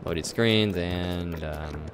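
A man's voice: low-pitched, extremely slow, music in the background. A man giving casual, mumbled, self-deprecating commentary while playing a game. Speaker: let's play host.

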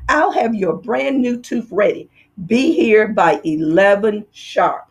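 A woman voicing a kindly, careful male mouse dentist in a storybook read-aloud, speaking high, firm and precise. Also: lively intonation, slow pace, slightly rough, exaggerated voice.

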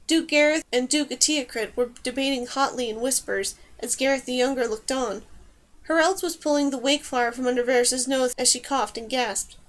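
A woman narrates a fantasy audiobook in a steady, even storytelling voice. Her voice sits notably high. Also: fairly quick. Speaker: audiobook reader. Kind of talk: scripted narration.

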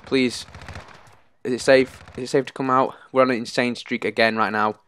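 A man giving live gameplay commentary, excitable and anxious, often pleading under pressure. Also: mid-range voice, moderate pace, clear, resonant tone. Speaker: gaming YouTuber.

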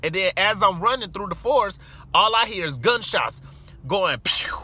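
A man telling an animated story from his car in a casual vlog, breaking off to talk back at other drivers and acting out the people he quotes. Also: sits high, moderate pace, slightly rough. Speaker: vlogger. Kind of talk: casual storytelling while driving.

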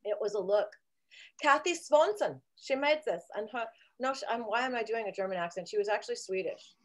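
A woman's voice: medium pitch, animated, fairly quick. A woman guest on a video call, talking casually in a rambling, jokey, theatrical way. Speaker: interview guest.

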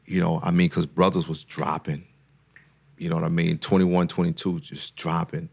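Low-pitched and level in tone, his voice moves at a normal speed with vocal fry, a slightly mellow quality, and some huskiness. He's a therapist speaking as a guest on a relaxed podcast. His earnest, preacher-like delivery rises on key points, and he often repeats words and starts sentences over.

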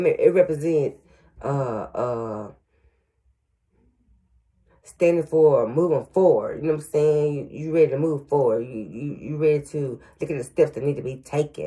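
A woman's voice: rumbling low, warm tone. A grandmother working as a psychic medium, giving a casual reading to viewers with frequent stutters, fillers and "y'all". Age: older.

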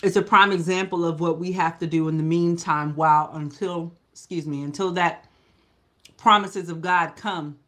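A Bible study teacher leading a live church lesson, with a voice sitting at an ordinary middle pitch. The delivery is relaxed and conversational. The teacher keeps checking in with the group and sometimes backs up to rephrase a thought. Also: moderate pace. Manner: conversational, often asks "you know?"; restarts and self-corrections.

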